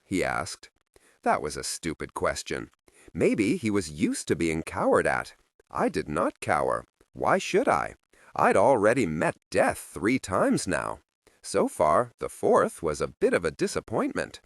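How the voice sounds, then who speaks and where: Slow, very expressive male narrator. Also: deep voice, dry recording, studio quality. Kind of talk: audiobook narration.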